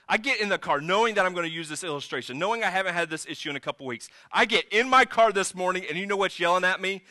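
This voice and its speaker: Male pastor, sermon delivery, light high voice, chatty then emphatic, dry close sound. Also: fast, no room sound. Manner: conversational, animated storytelling with sudden emphatic rises.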